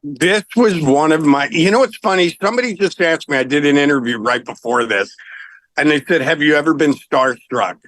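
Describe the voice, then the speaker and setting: A middle-aged man, a rock singer, telling anecdotes in a casual interview, animated and laughing now and then. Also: fairly high pitch, brisk, no echo, low-quality recording.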